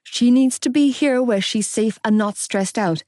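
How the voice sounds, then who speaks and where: A woman voicing a protective mother who speaks firmly and lower than the narration, in an audiobook. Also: a little slow, darkish tone, no echo, studio quality, natural voice. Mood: firm worry. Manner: firm, sighing. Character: protective middle-aged mother.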